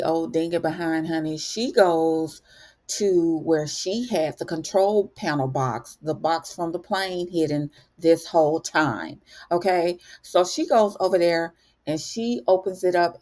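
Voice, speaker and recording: Chatty woman with a low voice. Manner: chatty and animated, addresses viewers as "honey". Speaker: TV recap host. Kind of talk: casual spoken episode recap.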